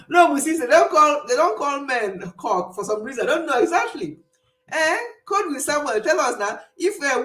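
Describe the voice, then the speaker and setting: Middle-aged woman, casual live-stream chat, laughs often, repeats herself, echoey room. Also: lowish voice.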